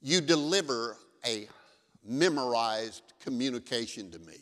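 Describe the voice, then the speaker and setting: A man's voice: medium pitch, expressive, measured pace, fairly bright tone. Blunt, scolding elderly woman quoted by a male preacher, plain and barely acted, long reverb.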